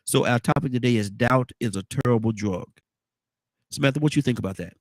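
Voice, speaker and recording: A man's voice: mid-range voice, fairly quick, no room sound. Male talk host, congested, rambling and repetitive, dry close sound. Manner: rambling, repeats words, folksy asides. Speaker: radio talk show host. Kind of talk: casual morning talk show chat.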